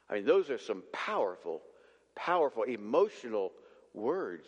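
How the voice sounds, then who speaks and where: A man preaching a sermon as pastor, dramatic and slowing his words for emphasis. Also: lowish voice, sing-song, breathy edge. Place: church sanctuary. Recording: long church reverb.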